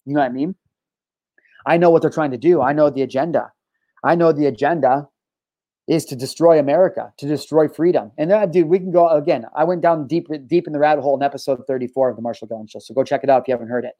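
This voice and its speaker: A man's voice: a little high, fairly even intonation, quick pace, warm tone, dry recording, dull audio. Heated, profane man ranting on a podcast. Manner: heated, profane, emphatic repetition. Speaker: podcast host.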